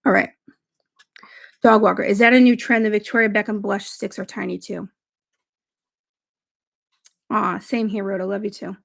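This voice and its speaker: A woman chats casually on a beauty livestream and reads out viewer comments as she goes. She rambles in a relaxed way. Her mid-range voice has a gravelly, fried edge. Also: medium pitch, moderate pace, long pauses, dry recording, studio quality. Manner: chatty and rambling. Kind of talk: casual live-stream chat, reading viewer comments.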